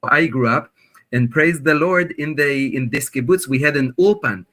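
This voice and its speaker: A man's voice: mid-range voice, normal speed, fairly bright tone. A man with an Israeli accent, a guest professor telling his life story earnestly in a video call interview. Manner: earnest, apologetic personal storytelling. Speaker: guest professor of biblical studies.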